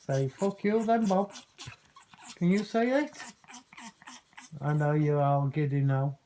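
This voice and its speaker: A woman's voice: sits low, animated, slow pace, warm tone, rough recording. Coaxing woman chatting to a pet. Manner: coaxing pet talk, playful swearing. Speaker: parrot owner. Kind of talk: casual chat to a pet.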